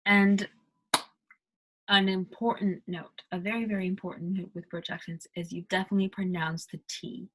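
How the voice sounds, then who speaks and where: A woman's voice: on the low side, flat delivery, moderate pace, slightly rough, low-quality recording. An American woman casually explaining pronunciation in a tutorial, with lots of "like" fillers. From United States. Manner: chatty, heavy use of "like" fillers. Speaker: accent tutorial vlogger.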